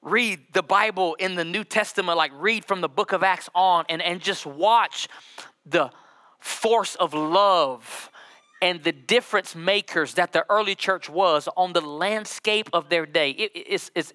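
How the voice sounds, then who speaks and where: A middle-aged man preaching a sermon as pastor, joking with the congregation and drawing out scripture slowly. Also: sits high, bright, forceful tone. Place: church sanctuary with congregation.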